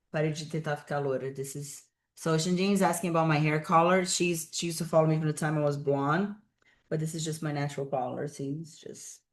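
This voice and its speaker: Low-voiced woman chatting on a livestream. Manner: chatty, rambling, greets viewers by name. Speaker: fitness coach and bodybuilding competitor. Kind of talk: casual livestream chat with viewers. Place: at home, with cats nearby. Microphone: laptop or webcam on a video call.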